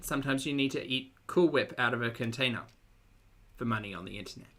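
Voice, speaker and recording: A woman's voice: very deep voice, fast, a bit bright. A woman streaming a reaction commentary, mocking and blunt with dry sarcastic asides to her chat.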